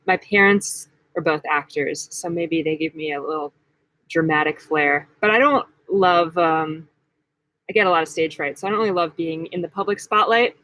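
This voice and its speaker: A woman's voice: lowish voice, a bit bright, dry recording, low-quality recording. A young woman co-hosting a casual live question-and-answer chat, friendly and talkative. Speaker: co-host of a channel answering viewer questions.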